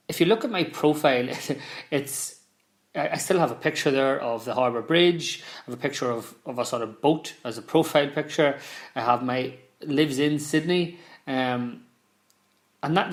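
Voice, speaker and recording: A man, a business founder, talking casually to camera and explaining marketing, with frequent restarts and repeated words. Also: mid-range voice. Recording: roomy echoey room.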